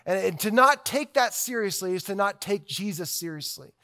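Emphatic high-voiced male preacher. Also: lively intonation, moderate pace, pushed and bright. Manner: emphatic, with repetitive rhetorical build-ups. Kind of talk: sermon.

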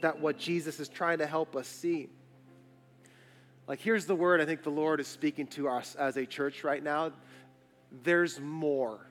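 A man preaches a sermon in a fairly high voice, driving his points home with emphatic repetition. His words ring out through a church sanctuary with a long reverb tail, and soft music plays underneath. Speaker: pastor.

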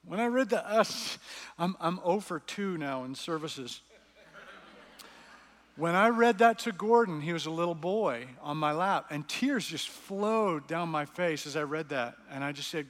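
A man preaches with earnest storytelling, reading passages aloud to his listeners. His voice sits a little high, and a long reverb of a large hall rings after his phrases. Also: lively intonation, unhurried. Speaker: pastor. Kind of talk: sermon.

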